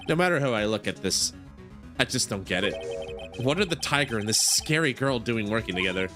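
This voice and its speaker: A man's voice: medium pitch, expressive, brisk, music in the background. A man reading a visual novel aloud, narrating the lead and dropping playful asides to himself. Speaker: gaming streamer.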